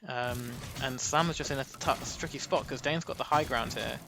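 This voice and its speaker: A man's voice: medium pitch, normal speed. A man giving casual, chatty live commentary on a strategy game match. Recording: steady background noise.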